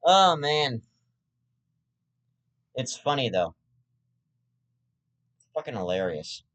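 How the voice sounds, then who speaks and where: A man's voice: mid-range voice, very animated, takes it slowly, fairly bright tone. Man ranting profanely. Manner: profane, rambling, with frequent restarts. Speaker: host of his own web show. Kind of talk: rambling comedic rant.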